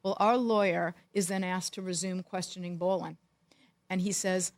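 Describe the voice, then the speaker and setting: Wry, animated woman telling a story. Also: medium pitch, moderate pace. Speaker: podcast co-host, former football executive. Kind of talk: storytelling in casual chat.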